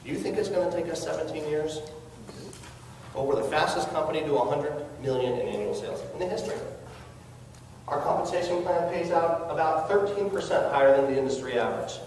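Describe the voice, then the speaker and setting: In a large hall with an audience, a man gives a motivational network marketing talk, earnest and coaxing, asking his listeners questions. His fairly high, darkish voice runs a little fast, recorded from far off in the echoey hall with slight background noise.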